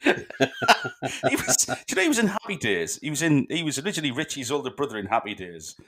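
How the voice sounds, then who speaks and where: A man's voice: mid-range voice, wildly swooping pitch, a little fast, pushed and bright, a little hiss or hum. A man co-hosting a podcast, chatty and full of film trivia, laughing often. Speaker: podcast co-host. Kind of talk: casual film review chat.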